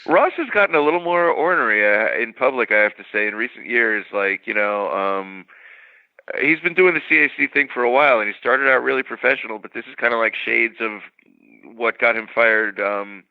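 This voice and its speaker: A man co-hosting a podcast in casual chat, giving measured, opinionated commentary. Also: medium pitch, animated, gravelly, no echo, lo-fi sound. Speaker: podcast co-host.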